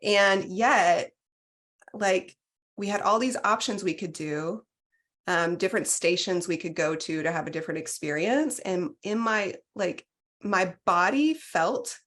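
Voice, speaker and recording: Forties woman on a podcast, lowish voice, gushy and chatty, says like a lot. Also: unhurried, a bit bright. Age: 40s. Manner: chatty and effusive, heavy on "like" and "you guys". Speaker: retreat participant, podcast guest. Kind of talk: candid personal storytelling.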